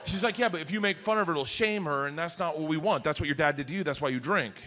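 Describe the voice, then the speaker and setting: A middle-aged man doing a stand-up comedy set, telling stories loudly with shouted punchlines, recorded live on stage with audience noise. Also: a little high, quick pace. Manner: loud, animated storytelling with shouted punchlines.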